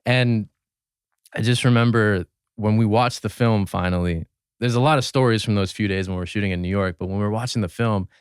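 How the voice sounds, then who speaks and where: Low-voiced young man telling stories. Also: brisk, clear, resonant tone, no echo, studio quality. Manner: relaxed, anecdotal, many fillers and self-corrections. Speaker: podcast guest. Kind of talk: casual storytelling chat.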